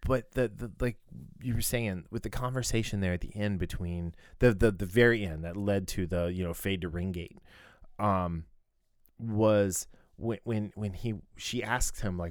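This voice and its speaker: Recorded dry in studio quality, a man with a lowish voice speaks at normal speed while co-hosting a podcast. The talk is casual and meandering, packed with fillers and restarts, and he laughs often.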